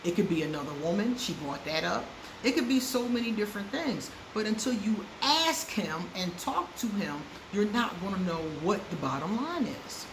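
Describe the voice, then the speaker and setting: An astrology advice vlogger gives her viewers frank relationship advice in a casual chat, laughing often and repeating words for emphasis. Her medium-pitched voice is very animated at a normal speed, in a roomy echo with faint background noise.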